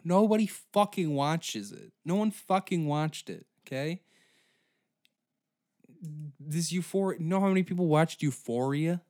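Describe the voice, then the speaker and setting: A man's voice: a little high, lively intonation, a little slow, darkish tone, dry recording. Sarcastic, swearing man in a comedy podcast rant, dry sound. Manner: profane, incredulous, sarcastic. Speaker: podcast host. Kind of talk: comedic ranting chat.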